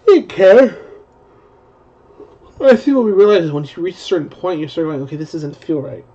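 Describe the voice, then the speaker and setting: A man's voice: a little high, expressive, fast, mellow. A young man rambling in a profane live-stream commentary, full of restarts. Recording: dull lo-fi stream audio.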